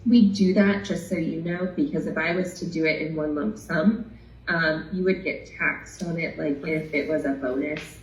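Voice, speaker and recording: A woman's voice: deep voice, steady tone, normal speed, reverberant, low-quality recording. A woman manager losing her voice, explaining terms on a formal call in a businesslike way with many ums.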